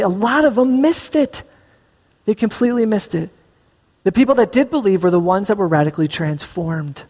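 A man preaching a sermon as pastor, telling the story with animated, acted-out voices. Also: sits high. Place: church sanctuary. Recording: echoey church hall.

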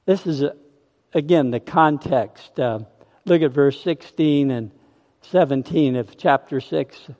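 A male pastor preaches at an unhurried, deliberate pace with a slightly raised voice. His words are emphatic. They ring out in a long hall reverb. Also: on the high side, mellow, dull audio. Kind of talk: sermon.

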